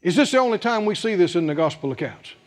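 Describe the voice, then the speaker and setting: A man's voice: sits high, animated, fast talker. A man preaching a sermon, emphatic and full of rhetorical questions, repeating scripture phrases for weight. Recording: long hall reverb.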